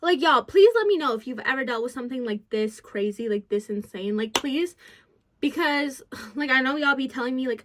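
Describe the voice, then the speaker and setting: A young woman telling her followers a story in a casual, rambling vent, packed with "like" and swinging between low mutters and loud exasperated bursts. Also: expressive, fairly quick. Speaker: vlogger. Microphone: phone close by.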